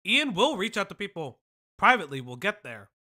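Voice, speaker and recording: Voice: mid-range voice, big pitch swings, a little fast, sharp tone. A commentary stream host talking to chat over a played video, sarcastic and pointed, firing off rhetorical jabs. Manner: chewing while talking at times.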